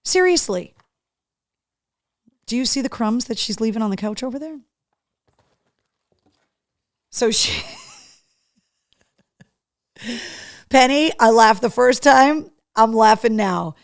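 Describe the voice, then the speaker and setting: A woman hosting a casual live show, chatty and excitable, talking to her dog between opening gifts from fans. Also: on the high side, a little slow, long pauses, no echo, studio quality. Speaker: host.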